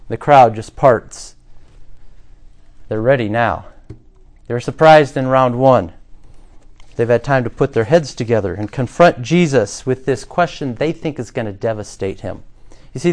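Guy preaching, kinda high voice, tells the story big and dramatic. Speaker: pastor. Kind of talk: sermon.

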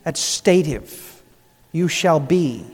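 High-voiced male pastor preaching in a reverberant hall. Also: expressive, very slow, husky. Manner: swings between soft, low passages and rising, emphatic appeals. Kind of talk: sermon.

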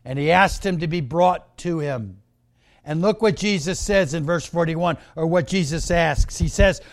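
A man preaching a sermon, swinging from quiet asides to shouted cries. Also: sits high, expressive, moderate pace. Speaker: pastor.

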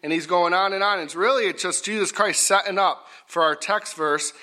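A middle-aged man preaching a folksy sermon, repetitive and rising to loud emphatic bursts. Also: sits high, moderate pace.

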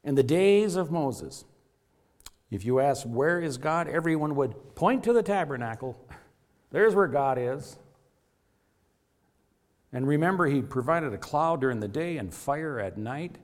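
A pastor preaches at a measured pace, pausing often, his voice expressive. Earnest and emphatic, he pushes his pitch and volume up and down widely to underline each point.

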